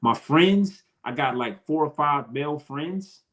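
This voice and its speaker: A man's voice: a little high, lively intonation, a little slow, a bit bright. A man from Detroit, a podcast guest, talking earnestly and repeating his phrases. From Detroit, Michigan. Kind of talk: emotional interview talk.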